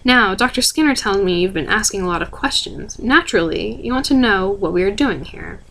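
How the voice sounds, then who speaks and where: Lady reading a calm smooth creepy scientist guy, middle-aged, soft asmr storybook voice. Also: medium pitch, brisk, slight background noise. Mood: smoothly pleased.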